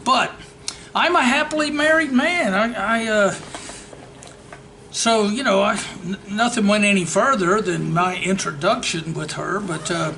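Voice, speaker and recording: A man's voice: high voice, unhurried, gravelly, sharp tone, slight background noise. A man, a real estate trainer telling jokes and stories to a seminar audience. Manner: storytelling, jokey, talks to the room. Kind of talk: joke-filled seminar talk. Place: meeting room. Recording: echoey meeting room, faint ambience.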